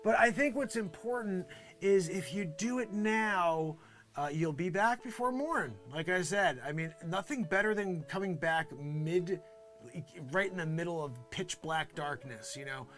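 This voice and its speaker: A man's voice: high voice, measured pace, a bit bright, faint music behind. A man acting a smug, scheming character in a comedy sketch, muttering persuasive asides.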